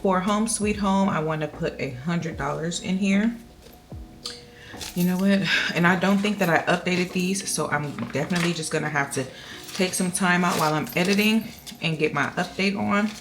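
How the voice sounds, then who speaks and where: Low-voiced woman chatting while counting cash. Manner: chatty, counts money aloud in a slow steady rhythm. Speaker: budgeting vlogger. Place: indoors at home.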